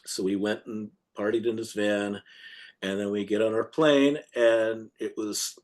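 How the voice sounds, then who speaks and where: A man's voice: lowish voice, steady tone, unhurried. A man, a punk guitarist guest, telling a long road story in a rambling, casual way, laughing often and acting out quotes.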